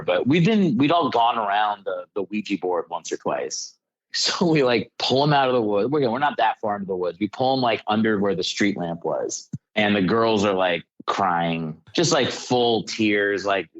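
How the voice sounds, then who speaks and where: A man with a lowish voice tells a story in a loose, rambling way, full of filler words. He is a comedian calling in to the show. His voice comes through muffled, lo-fi call-in audio. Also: a bit bright. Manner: rambling, heavy use of "like" fillers. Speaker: comedian guest. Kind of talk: casual storytelling. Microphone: calling in remotely.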